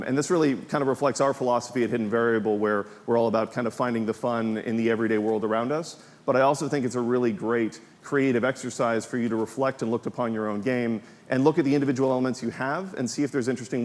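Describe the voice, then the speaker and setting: A man rattles through a conference presentation at a brisk clip, dropping plenty of ums along the way. His mid-range voice carries a long reverb tail from a large hall. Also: medium pitch. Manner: fast, filler-heavy with frequent ums. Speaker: game developer giving a conference talk.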